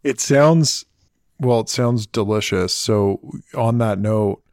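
A North American man hosting an interview, asking curious questions in a halting, casual way. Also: fairly low pitch, gravelly, darkish tone, no room sound, studio quality. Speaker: interview host.

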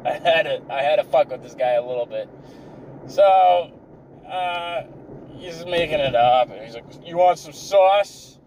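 A worn-out man talks to camera from his car, a bit higher-pitched than most men. He rambles through his stories, loses his thread and swears almost every sentence, often laughing at himself. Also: a little slow, a little mellow, a little hiss or hum, poor audio. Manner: profane, rambling, self-deprecating. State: tired. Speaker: vlogger. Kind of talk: rambling storytelling.

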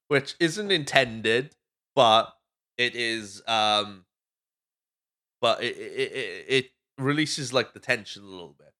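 A man's voice: lowish voice, expressive, a little slow, bright, forceful tone. A Welsh man hosting a podcast, casually recapping a movie with swearing and rambling tangents. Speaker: podcast host.

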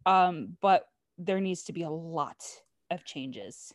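A woman's voice: deep voice, lively intonation, slow, no room sound, clean studio sound. Chatty, self-mocking young woman co-host. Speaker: podcast co-host. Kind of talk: casual chat.

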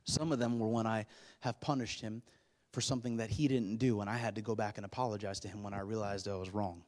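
Preaching man, loud peaks and hushed lows. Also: fairly even intonation, fast talker. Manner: dynamic preaching, swinging from loud urgent build-ups to hushed, low passages. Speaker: pastor. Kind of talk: sermon.

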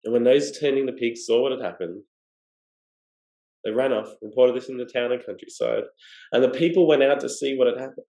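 A man's voice: medium pitch, brisk, warm tone, echoey room, low-quality recording. A man preaching a sermon, explaining scripture and asking rhetorical questions. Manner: expository, asks rhetorical questions.

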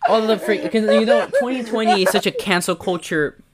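A young man hosting a casual podcast, joking and teasing his co-host with quick, laughing asides. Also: sits high, over a noisy crowd.

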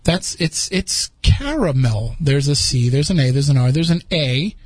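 A man's voice: a little high, moderate pace, no room sound. A man hosting a podcast, chatting casually and rambling with frequent restarts. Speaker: podcast host. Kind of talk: casual chat.

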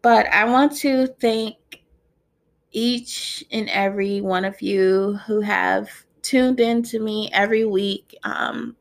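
A woman in her twenties hosting her own podcast, talking in a heartfelt, emotional way with many pauses, near tears. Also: mid-range voice, steady tone, creaky. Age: 20s. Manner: emotional, heartfelt, soft-spoken with frequent ums. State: tearful. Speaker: podcast host. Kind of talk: personal podcast monologue.

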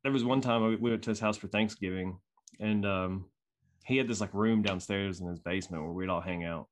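A young man with a lowish voice speaks in a relaxed, easygoing way. He tells a short story in plain, unhurried talk. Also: a little hiss or hum. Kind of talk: casual chat.

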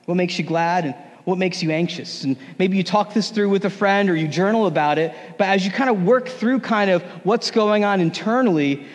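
A man preaching a sermon in a relaxed, conversational way, with humor. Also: high-pitched, normal speed, hardly any pauses. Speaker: pastor. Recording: long hall reverb.

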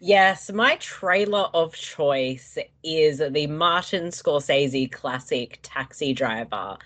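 A woman co-hosting a podcast in casual chat, giving thoughtful, measured explanations. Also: low-pitched, animated, a bit bright. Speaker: podcast guest co-host.

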